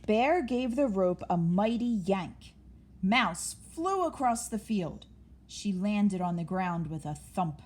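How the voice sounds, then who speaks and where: A woman narrating a children's picture book in a gentle, expressive read-aloud. She reads slowly, and her pitch moves a great deal. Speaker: storyteller.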